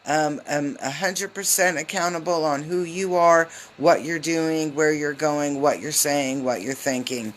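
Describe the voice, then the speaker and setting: A woman giving a casual live tarot reading on a phone, chatty and loose, with lots of filler ums and quick hellos to her viewers. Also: low-pitched, steady tone, slight background noise. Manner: greets viewers mid-reading. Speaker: tarot reader.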